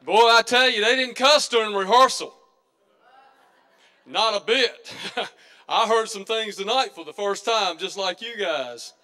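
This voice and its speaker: On a stage before a live audience, a male stand-up comedian tells folksy stories and acts out the characters in his jokes. His voice is high and a little slow, with a sharp tone, a folksy drawl and frequent pauses.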